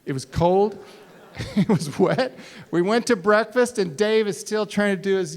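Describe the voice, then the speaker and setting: A man's voice: sits high, measured pace. A man telling a self-mocking personal story to a live audience on stage, acting out the dialogue. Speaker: speaker. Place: stage before a college audience.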